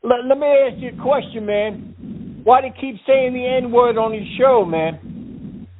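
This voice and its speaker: Man doing a very high, pushy street tough over a tinny phone line. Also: measured pace. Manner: aggressive, repetitive threats. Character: hot-tempered Bronx tough man. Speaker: prank caller.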